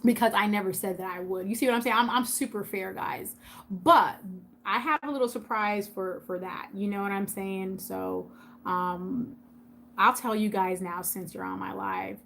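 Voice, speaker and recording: A woman's voice: medium pitch, moderate pace, vocal fry, a bit bright, slight background noise. A woman hosting a casual live stream, chatting with viewers by name and repeating points for emphasis. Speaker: YouTube host on a livestream.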